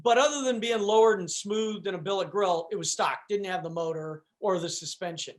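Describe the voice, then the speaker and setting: As a chat show guest, a high-pitched man speaks fairly quickly through a long, rambling personal story. He keeps restarting, wandering into asides, and peppering it with "you know."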